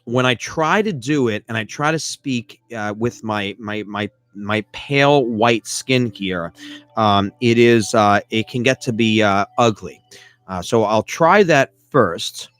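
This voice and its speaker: A man hosting a live podcast in a casual chat style, animated and self-mocking, and he keeps asking listeners for feedback. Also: on the low side, a little slow, no room sound. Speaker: podcast host.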